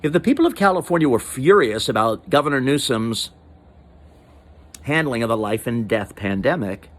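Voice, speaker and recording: A man riffs through a comic political monologue, his pitch swooping up and down as he goes. He rambles, breaks off mid-thought and circles back with mock-serious emphasis. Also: a bit bright. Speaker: comedian host.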